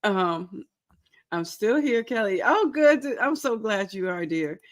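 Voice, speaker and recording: A bubbly woman hosts a relaxed crochet livestream. She chats casually, greets each viewer warmly and reads their messages aloud. She is tired but playful and self-mocking, and giggles a lot. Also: medium pitch, unhurried.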